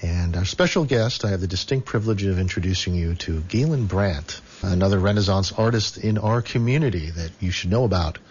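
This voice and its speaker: A man hosting a radio talk show in a relaxed, hesitant way, with many fillers. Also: low-pitched, a little fast, hardly any pauses, slightly rough. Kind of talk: casual radio chat. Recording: dull lo-fi radio broadcast.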